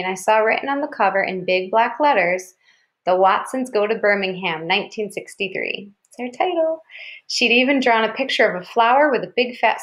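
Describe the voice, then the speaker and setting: A woman reads a chapter of a novel aloud in the first person. Her delivery is even and steady, with plain, unhurried storytelling. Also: a little high. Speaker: audiobook reader.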